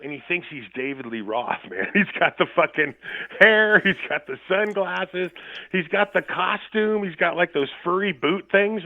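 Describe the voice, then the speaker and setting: Profane man rambling over a tinny phone. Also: on the high side. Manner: rambling, profane, laughs often. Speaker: guest musician. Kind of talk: casual storytelling chat. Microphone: phone call.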